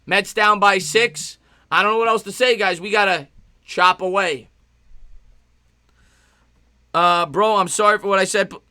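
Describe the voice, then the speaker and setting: Host type: fired-up New guy, high, piercing voice, dry close mic, live play-by-play. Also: no echo. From New York. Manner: loud, passionate, fast-talking. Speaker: livestream sports host. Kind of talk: live play-by-play and chat reaction.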